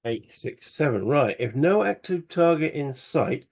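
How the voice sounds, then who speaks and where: A man's voice: medium pitch, measured pace, vocal fry, hardly any pauses, slightly rough. A man playing a solo board game, muttering rule passages aloud and thinking through each move. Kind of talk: casual solo wargame playthrough.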